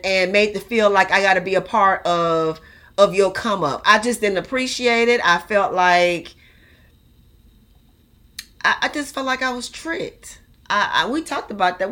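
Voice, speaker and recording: A woman telling a story straight to her viewers in a casual, animated, exaggerated way, full of slang. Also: medium pitch.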